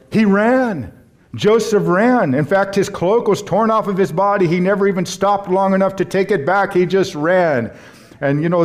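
A man's voice: on the high side, a little mellow. A man preaching a sermon, emphatic and stressing key words, with humorous asides and short stories. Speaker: pastor.

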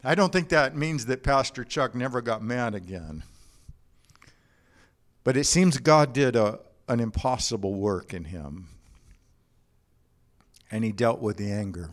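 A man's voice: mid-range voice, measured pace, pauses often. A man preaching a sermon, telling stories and quoting others, with frequent restarts and "you know" asides. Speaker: pastor.

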